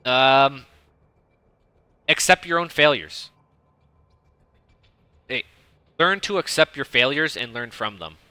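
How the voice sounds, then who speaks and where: Casting note: streamer, thirties, piercingly bright and dry-close tone, swears freely, rambling coach. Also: male voice, mid-range voice, slow pace, long pauses, clean tone, dry recording. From United States (Detroit). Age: 30s. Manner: profane, rambling, blunt advice; self-described monotone delivery. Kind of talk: casual coaching commentary.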